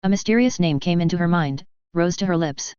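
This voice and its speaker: A woman narrating a story in a steady, measured reading voice. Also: on the low side, smooth, dry recording, lo-fi sound. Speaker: audiobook narrator. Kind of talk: scripted narration.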